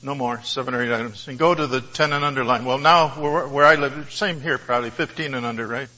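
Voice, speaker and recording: Bright-voiced preacher, folksy and conversational. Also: male voice, mid-range voice, fast talker, low-quality recording. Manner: conversational, folksy humor, asides. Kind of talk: sermon.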